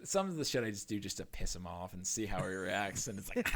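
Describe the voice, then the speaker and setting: A man as a podcast guest, telling funny stories in casual chat, animated and often laughing. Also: lowish voice, normal speed, vocal fry, noisy background. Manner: animated storytelling with laughs and swearing.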